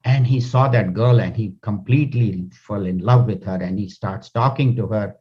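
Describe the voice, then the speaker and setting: A man giving a talk on scripture, retelling a parable in loose, halting sentences. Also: on the low side. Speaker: spiritual teacher. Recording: dull lo-fi recording.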